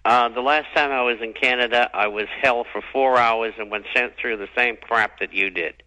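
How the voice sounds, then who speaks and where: A man speaking as a guest on a talk radio show, hesitant, with many pauses and restarts. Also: medium pitch, fairly even intonation, pushed and bright, rough recording. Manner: halting, lots of uhs and restarts.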